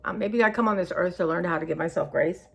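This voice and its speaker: A woman's voice: on the low side, quick pace, creaky, breathy edge. A woman vlogging in a casual, rambling way, chatty and scattered, sounding tired and emotional. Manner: scattered, chatty, says y'all often. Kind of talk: casual rambling chat to viewers.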